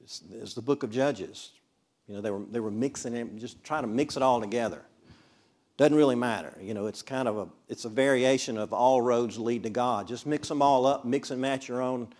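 A man leads a Bible study, his voice sitting at an everyday middle pitch. He talks in a loose, conversational way and keeps turning to the class with questions. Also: moderate pace, darkish tone. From Mississippi, USA. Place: classroom with a board.

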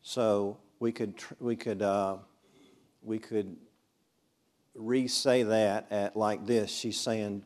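A Mississippi man teaches a Bible study in a classroom with a board, keeping it chatty and conversational and often putting questions to the class. His voice is fairly low and a little mellow, with a level tone and a slow pace.

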